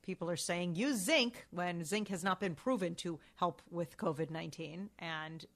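A woman's voice: on the low side, fairly even intonation, moderate pace. A woman co-hosting a talk show, chatting about the news in an opinionated way with sarcastic asides.

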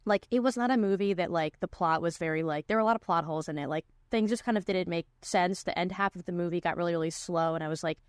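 A woman's voice: fairly low pitch, fast, few pauses, clear, resonant tone, no echo, clean studio sound. A young woman hosting a podcast in casual chat, talking with lots of "like" fillers. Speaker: podcast host.

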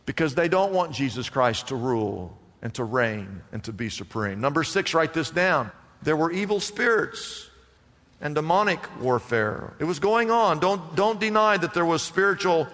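A man's voice: fairly high pitch, lively intonation, measured pace, a bit bright, long reverb tail. A man preaching a sermon as pastor, emphatic and firing off rhetorical questions to the congregation.

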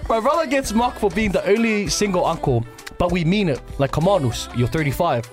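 A man co-hosting a radio show, mocking his friends and quick to laugh. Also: high-pitched, lively intonation, over music. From New Zealand. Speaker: radio co-host. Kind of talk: casual radio banter.

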